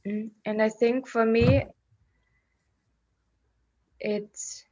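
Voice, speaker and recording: A woman's voice: a little high, steady tone, a little mellow. Thoughtful woman, muffled audio. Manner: thoughtful, halting, repeats words while searching for phrasing. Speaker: interview guest. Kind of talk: reflective conversation, telling a parable.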